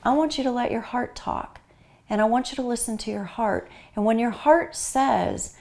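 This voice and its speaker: A woman's voice: on the high side, normal speed, gravelly. A middle-aged woman with a North American accent gives an earnest, heartfelt talk to grieving pet owners, urging them again and again. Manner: earnest, repetitive, warmly urging. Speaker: pet loss grief speaker.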